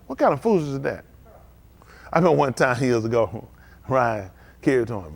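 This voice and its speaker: A man preaching a live-streamed sermon at a synagogue service, in a folksy, conversational way, asking the congregation questions and now and then breaking into loud outbursts. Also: mid-range voice, sing-song, moderate pace, gravelly, pauses often.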